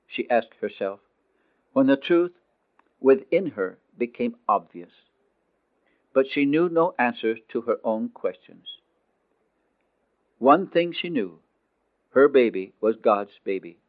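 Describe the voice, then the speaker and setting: A man narrating a dramatic story in a scripted, expressive way, slowing down on emotional phrases. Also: medium pitch. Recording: tinny phone-like dry recording.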